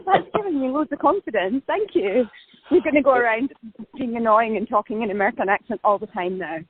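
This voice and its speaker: High, husky Scottish woman on a phone line. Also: expressive, a little fast, no echo. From Scotland. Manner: chatty, laughs often, self-deprecating. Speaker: actress being interviewed. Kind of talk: casual phone interview. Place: walking outdoors on a street.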